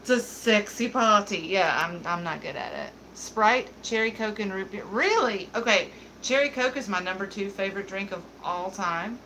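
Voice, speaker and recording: A woman's voice: mid-range voice, moderate pace, hardly any pauses, pushed and bright, slight background noise, rough recording. A young adult woman hosting a beauty livestream, chatting casually with viewers in a giggly, candid, joking way. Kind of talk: casual livestream chat, reading viewer comments.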